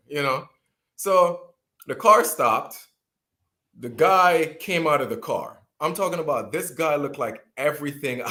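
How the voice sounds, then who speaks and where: A man in his thirties, from Jamaica, tells a long personal story. He is animated and speaks in a middle pitch, often restarting his sentences and acting out the voices of the people in it. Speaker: guest speaker.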